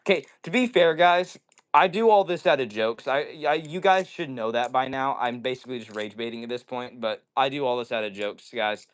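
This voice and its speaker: A man's voice: medium pitch, a little fast, smooth. A man hosting a casual indoor livestream, joking around and reading viewer comments aloud. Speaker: livestream host. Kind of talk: casual live-stream chat.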